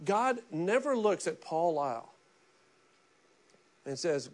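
Man, pastor, middle-aged, high voice, animated sermon, conversational, repeats and restarts words. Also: slow, long pauses. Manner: animated, conversational preaching with quoted asides.

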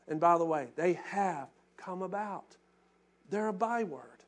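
A male pastor preaching a sermon, acting out quoted prayers with passion and dropping to hushed, reflective tones. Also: high-pitched, a little slow.

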